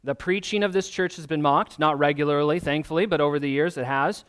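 A man's voice: a little high, brisk, a bit bright, clean tone. A man, a pastor, preaching a sermon in an earnest, emphatic way, often asking the listeners questions.

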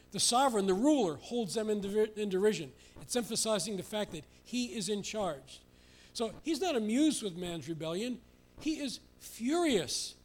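A male pastor preaching an expository sermon, emphatic, with mocking asides and sudden loud outbursts. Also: high voice.

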